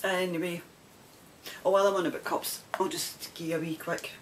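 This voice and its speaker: A woman's voice: fairly low pitch, fairly even intonation, fairly quick, slight background noise, poor audio. Chatty Scottish woman rambling to camera. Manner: chatty, rambling, laughs often. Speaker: knitting podcaster. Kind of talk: casual chat to camera.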